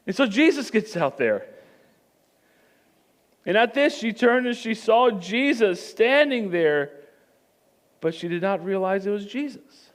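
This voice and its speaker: Man, pastor, sermon, animated storytelling, comic asides, higher pitch. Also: a little slow, pauses often.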